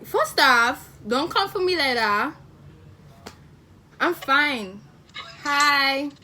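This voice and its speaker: A woman's voice: high voice, lively intonation, drawn-out words, sharp tone, a little hiss or hum. An eighteen-year-old woman vlogging casual video calls with strangers on her phone, slangy and repeating the same question again and again.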